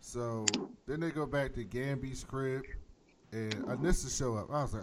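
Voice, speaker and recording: A man in casual chat, recapping a TV episode with animated, profane storytelling. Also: mid-range voice, normal speed. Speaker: podcast host recapping a TV episode. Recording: noisy with clicks.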